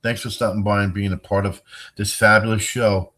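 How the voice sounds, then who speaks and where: A man's voice: lowish voice, little pitch movement, a little fast, a bit bright. A tired older man hosting a rambling, profane late-night livestream, chatting loosely with his viewers and yawning. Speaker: livestream host.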